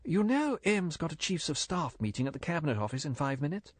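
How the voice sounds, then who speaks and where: A man voicing a distraught, frightened female secretary in an audiobook reading, his voice pushed high and strained. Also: very animated, fairly quick, no echo. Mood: anxious.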